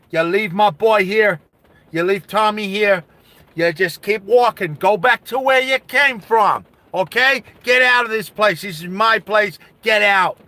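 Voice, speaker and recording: A man's voice: high-pitched, pushed and bright, no room sound, pitched above the performer's own voice. A man voicing a protective male robot who is a father figure, speaking firmly and with warnings. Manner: firm, warning, commanding.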